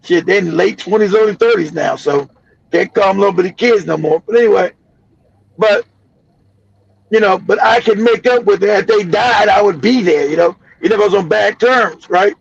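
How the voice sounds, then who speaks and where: A man in his fifties from the United States, telling profane family stories on his stream with loud cackling laughs. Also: sits high, moderate pace, vocal fry, breathy edge. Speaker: streamer host. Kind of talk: profane casual storytelling. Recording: dull lo-fi dry stream audio.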